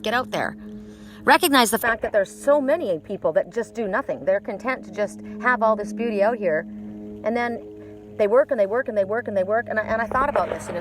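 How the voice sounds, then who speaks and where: A woman doing a live oracle card reading outdoors by a lake, chatty and blunt, swearing casually. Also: mid-range voice.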